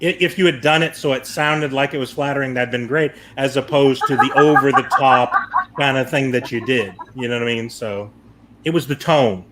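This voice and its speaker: A man's voice: medium pitch, normal speed, background noise. A man co-hosting a casual live stream, ribbing his co-host with blunt, mock-arrogant remarks.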